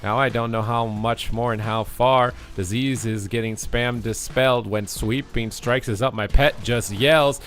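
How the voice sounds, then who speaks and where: A man's voice: mid-range voice, steady tone, unhurried, hardly any pauses, a bit bright. A man rapping playful rhyming commentary over his own game match. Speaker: gamer streamer.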